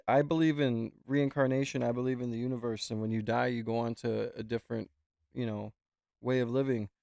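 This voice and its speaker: A man's voice: medium pitch, vocal fry, a little mellow, no echo. Male streamer, loose and profane, talks in circles, dry close mic. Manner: rambling, swears freely. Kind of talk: casual reaction chat.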